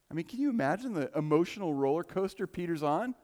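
A man's voice: a little high, expressive, fast talker, few pauses, darkish tone. A man preaching a sermon in a conversational way, with rhetorical questions and restarts. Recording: long reverb of a large hall.

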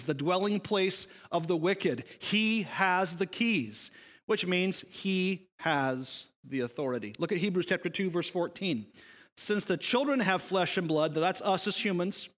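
A man's voice: high-pitched, a bit bright, big-room sound. A male pastor preaching a sermon, emphatic and full of rhetorical questions.

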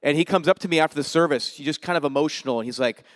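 A man preaching in church in a relaxed, joking way that builds into energetic preaching. His voice sits a little high. The sound is close and dry, with little room in it. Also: very fast, no echo. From Denver area, US. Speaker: guest preacher. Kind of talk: sermon. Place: church sanctuary.

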